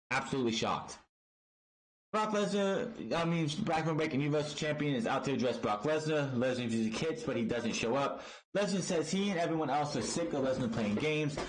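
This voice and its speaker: A man's voice: mid-range voice, low-quality recording. Man, wrestling reviewer, casual recap, sarcastic and swearing, exasperated.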